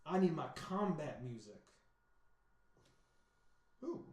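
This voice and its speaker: Animated man running a tabletop game. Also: a little high, slow. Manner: animated, bursts into loud sound effects and voices. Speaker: game master. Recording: roomy mic with background music. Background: faint music.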